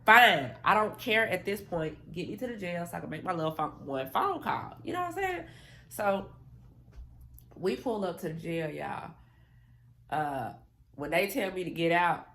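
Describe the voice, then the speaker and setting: A woman vlogger casually telling a story straight to her viewers, slangy and animated. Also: fairly low pitch, moderate pace.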